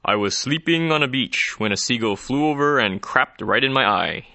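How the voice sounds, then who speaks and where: A gruff, matter-of-fact male pirate in a spoken joke, played by a man in close to his own voice. The tone is bright and the sound is dry. He answers flatly, with no fuss. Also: medium pitch, normal speed, no echo.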